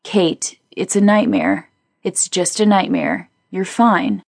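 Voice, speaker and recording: A woman narrator voicing a calm, steady woman who soothes her partner in a soft, low voice. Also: slow pace, no room sound, clean studio sound, heavily acted. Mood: soothing.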